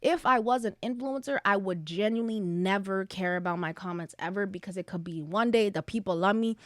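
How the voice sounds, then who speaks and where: A woman's voice: mid-range voice, a little fast, a bit bright, no room sound. A young woman hosting a casual solo podcast, chatty and opinionated, full of "like" fillers. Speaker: podcast host.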